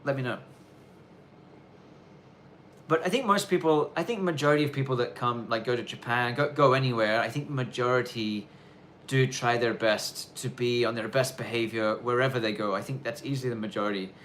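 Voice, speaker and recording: A man with a mid-range, fairly bright voice talks fairly quickly over a slight hiss or hum. He's hosting a live question-and-answer stream from the snowy Japanese countryside, chatting loosely and rambling with lots of fillers and restarts.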